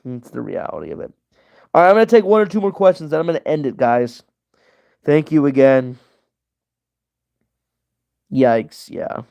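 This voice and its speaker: A man's voice: a little high, expressive, normal speed, gravelly, pauses often, dark tone, lo-fi sound. A young man hosting a casual livestream Q&A, rambling and answering chat messages as he goes. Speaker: livestream host.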